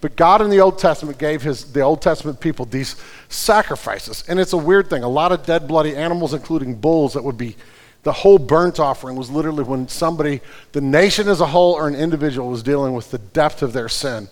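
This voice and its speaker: A man preaching a sermon, earnest, moving between fervent prayer and quiet, careful explanation. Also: fairly high pitch, quick pace, big-room sound. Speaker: pastor.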